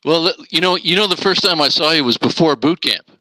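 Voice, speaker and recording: A Canadian man, an actor guest, telling an animated story on a video call and swearing freely. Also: on the high side, brisk, no echo, poor audio.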